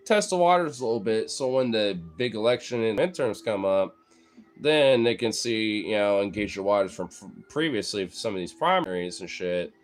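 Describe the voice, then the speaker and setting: Speaking straight to his viewers, a streamer delivers a heated, profane political rant that rambles along like casual chat. His voice sits on the low side.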